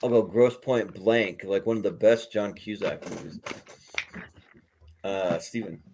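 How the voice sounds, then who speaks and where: A man's voice: lowish voice, a little slow, darkish tone, a little hiss or hum. A man on a casual podcast panel who laughs often as he talks.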